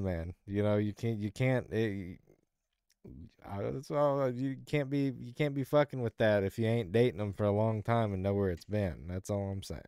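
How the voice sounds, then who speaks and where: A man's voice: fairly low pitch, unhurried, mellow, clear, resonant tone, dry recording, clean studio sound. A man co-hosting a podcast, chiming in with wry, laughing asides in casual chat. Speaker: podcast co-host.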